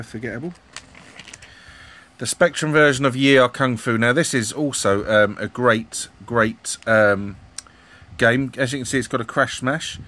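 A man's voice: mid-range voice, fairly bright tone, slight background noise. A middle-aged man chatting casually about old computer magazines, full of ums and questions to viewers. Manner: rambling, hesitant, many ums, asks viewers questions. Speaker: retro gaming YouTuber. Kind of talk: casual commentary flipping through a magazine.

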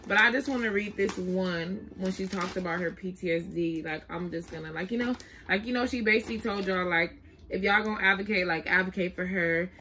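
A woman's voice: fairly low pitch, fairly quick, pushed and bright, a little hiss or hum. A young woman chatting casually to camera as a vlogger, often apologizing and talking to her baby while she looks through letters.

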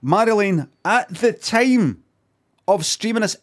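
Guy streaming, chatty, swears a lot, bit of a higher voice. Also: animated, slow. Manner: chatty, swearing, rambling asides. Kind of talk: casual reaction commentary.

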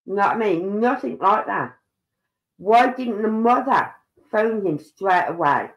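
A woman's voice: medium pitch, expressive, unhurried. Indignant woman streamer in an echoey room. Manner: indignant, opinionated, talks straight to viewers. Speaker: true-crime live streamer. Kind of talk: casual live commentary.

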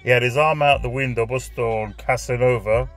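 A man's voice: medium pitch, steady tone, moderate pace. Swearing man telling a story. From north London. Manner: swears freely and drops Greek phrases in. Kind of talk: anecdotal storytelling.

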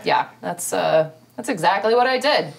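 A woman's voice: medium pitch, animated, moderate pace, creaky, slight background noise. A woman hosting a casual taste-test video, teasing and dramatically complaining. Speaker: candy store video host.

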